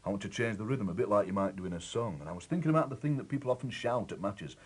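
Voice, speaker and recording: A poet chatting in a lively, musing way about how he builds a poem. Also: fairly low pitch, very fast, husky. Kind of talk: explaining how he writes a poem. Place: outdoors at a football match.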